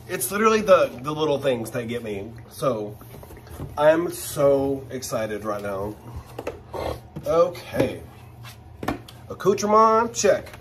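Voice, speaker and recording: A man chatting casually while unboxing luxury items, gushing and exclaiming with excitement. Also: a little high, a little hiss or hum.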